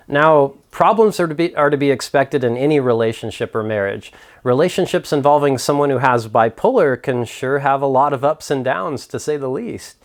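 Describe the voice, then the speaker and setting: A man hosting a mental health video, narrating a story and reflecting earnestly in a scripted delivery. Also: mid-range voice.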